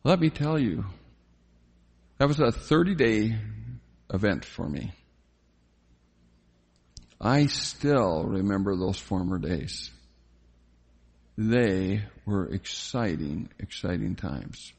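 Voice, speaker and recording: An older man giving a reflective personal faith testimony, telling his story slowly with frequent pauses and fillers. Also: lowish voice, animated, creaky, darkish tone, husky. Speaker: testimony speaker.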